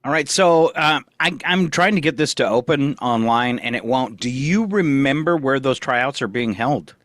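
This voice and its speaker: A man's voice: medium pitch, lively intonation, moderate pace, a bit bright, no room sound. A man hosting a morning radio show, reading news and weather in an easygoing way at a studio microphone. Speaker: radio host.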